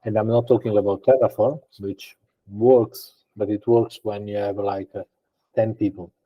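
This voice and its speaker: The audio is dull, and the man's voice sits on the low side with a flat delivery at normal speed. Appearing as a guest data engineer on a podcast, he explains conversationally while thinking out loud, full of fillers and restarts.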